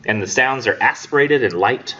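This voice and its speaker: A man's voice: mid-range voice, moderate pace, bright, forceful tone. Rambling man teaching class. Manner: rambling, joking, acts out students' voices. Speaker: college English instructor. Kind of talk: casual classroom lecture. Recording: dull lo-fi classroom recording.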